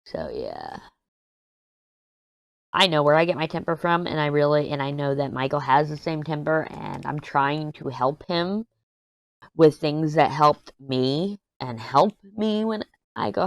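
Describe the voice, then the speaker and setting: A woman's voice: low voice, big pitch swings, unhurried, dry recording. A middle-aged woman vlogger chatting casually and bluntly over a headset mic while she crafts, telling candid stories with lots of asides. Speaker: diamond painting vlogger.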